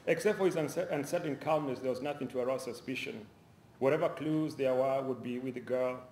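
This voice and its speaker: A man's voice: medium pitch, a little mellow, slight background noise. Man reading fiction in an echoey hall. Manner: measured, with small restarts. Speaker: author reading his fiction. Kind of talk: public reading of a novel. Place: university lecture hall. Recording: roomy lecture hall, faint ambience.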